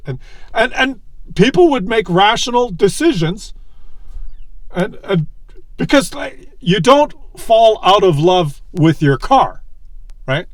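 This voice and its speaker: Guy rambling through a story in his parked car, animated, chuckly, voice a bit high, dry close sound. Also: takes it slowly, pauses often, no echo. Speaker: vlogger.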